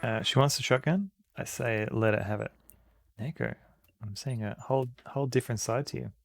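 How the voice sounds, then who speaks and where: A man's voice: medium pitch, brisk, vocal fry. Laid-back man streaming a retro game. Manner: rambling, chuckling, greets chat. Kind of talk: casual game commentary.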